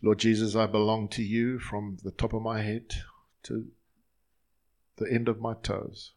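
A man's voice: on the low side, level tone, a little slow, a little mellow. A male pastor leading his congregation in an earnest, line-by-line prayer during a sermon in a church.

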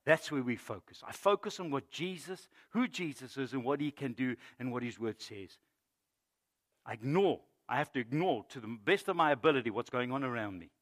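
A middle-aged male pastor giving a sermon, moving between loud emphatic preaching and quiet storytelling. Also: medium pitch, lively intonation, a little fast. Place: church.

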